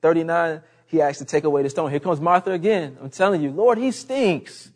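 An earnest male preacher delivering a sermon with a fairly high voice. He speaks emphatically, circles back to repeat his main phrases, and often drops to a quieter, heavier tone. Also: steady tone, fast.

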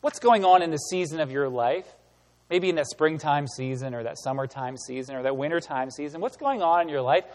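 A man's voice: fairly high pitch, fairly quick. Man preaching in an echoing hall. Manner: animated, emphatic, rhetorical questions. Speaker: pastor. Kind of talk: sermon teaching.

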